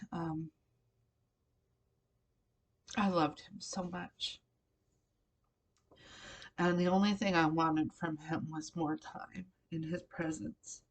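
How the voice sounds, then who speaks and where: A woman's voice: lowish voice, distant mic. A woman crying as she hosts her personal faith vlog, emotional and at times dropping to a whisper. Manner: tearful, emotional, with soft whispered moments. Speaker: vlogger. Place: bedroom at home.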